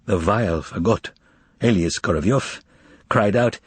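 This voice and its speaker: A man narrating an audiobook in an expressive way, voicing each character. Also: mid-range voice, normal speed, husky, dry recording. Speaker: audiobook reader.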